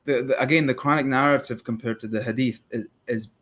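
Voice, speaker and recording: Male podcast host, mid pitch, rambling and fired-up, acts out quotes. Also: steady tone, fast, fairly bright tone. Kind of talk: casual interview chat.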